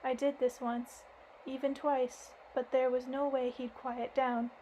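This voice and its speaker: A woman's voice: sits high, flat delivery, warm tone, slight background noise, poor audio. A woman reading as Galina, fretful village housekeeper. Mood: worried, folksy. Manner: folksy rustic talk, hurried and worried.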